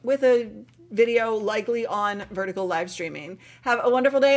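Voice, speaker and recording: A woman's voice: fairly high pitch, moderate pace. A woman hosting a casual live Q&A stream, sounding tired but chatty and upbeat, laughing often and trailing off into fillers. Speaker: livestream host.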